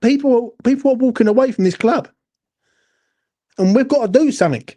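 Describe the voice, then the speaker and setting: A man rants at a football fan channel, angry, emotional and sweary. His voice sits high but sounds dark and mellow. He keeps repeating himself as the frustration builds. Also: fairly quick. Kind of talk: impassioned fan rant.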